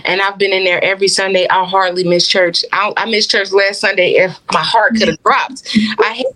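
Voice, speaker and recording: A woman's voice: mid-range voice, fairly even intonation, a little fast, bright, forceful tone. A young adult woman minister sharing her personal faith testimony in an interview, earnest and heartfelt, with many fillers.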